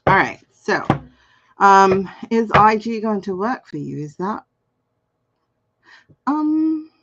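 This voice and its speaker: Laid-back woman with a gravelly voice. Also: medium pitch, very animated, takes it slowly, muffled recording, background noise. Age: 40s. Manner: playful, chatty, laughs often, reads chat aloud. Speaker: tarot card reader, livestream host. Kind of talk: casual live-stream chat reading cards.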